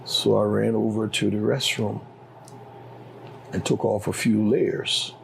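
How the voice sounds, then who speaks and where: A man's voice: fairly low pitch, level tone, slow, vocal fry, slight background noise, poor audio. A middle-aged man with a Liberian accent telling his story as an interview guest, acting out the dialogue with animation. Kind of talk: personal storytelling.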